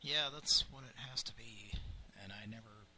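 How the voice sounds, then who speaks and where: A man's voice: on the low side, normal speed, bright, forceful tone, slight background noise, low-quality recording. A man joining a live online show as a guest, checking his microphone settings. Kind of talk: casual live show chat.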